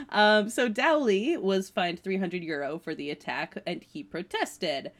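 A woman's voice: medium pitch, slow pace, a bit bright. A woman from the United States co-hosting a podcast, chatting casually and reading out a news story with lots of "like" and laughter. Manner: chatty, laughs often, fills with "like". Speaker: podcast co-host.

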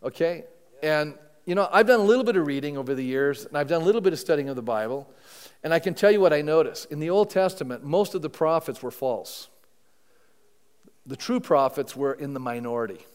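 High-voiced male pastor preaching in a hall. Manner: conversational, peppers the congregation with rhetorical questions. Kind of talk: sermon. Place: church sanctuary before a congregation. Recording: long reverb of a large hall.

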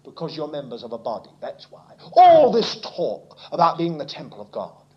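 Animated high-voiced male preacher. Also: normal speed. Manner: animated preaching, dropping to near-whispers and rising to exclamations. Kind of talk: sermon. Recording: muffled lo-fi recording.

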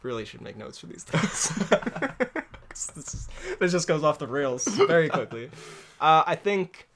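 A man's voice: a little high, big pitch swings, measured pace, creaky, background noise. A young man hosting a podcast in casual chat, rambling, laughing often and poking fun at himself. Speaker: podcast host.

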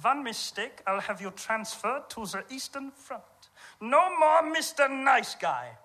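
An actor playing a bullying German centurion captain with a put-on German accent, barking orders in a stage comedy sketch. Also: male voice, extremely high pitch, big pitch swings, a little slow, bright, forceful tone, heavily acted. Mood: stern. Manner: barking, menacing.

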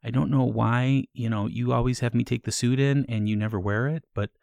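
A man playing a timid, stammering young male assistant in his twenties who keeps breaking into deep demonic growls. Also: fairly even intonation, brisk, vocal fry, a little mellow, no echo, natural voice. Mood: nervous. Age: 20s. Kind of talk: improvised comedy podcast. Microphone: headphones and studio mic.

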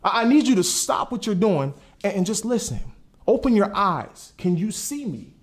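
A man voicing God as a gentle, patient figure who speaks in calm, short, repeated phrases. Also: high-pitched, moderate pace. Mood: coaxing.

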